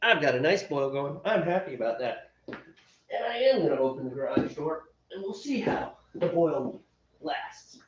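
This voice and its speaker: A man's voice: a little high, moderate pace, roomy sound, dull audio, background noise. A man co-hosting a homebrewing video, joking and teasing his friend in casual chat. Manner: teasing, playful, animated. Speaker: homebrewer co-host. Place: garage at a friend's house.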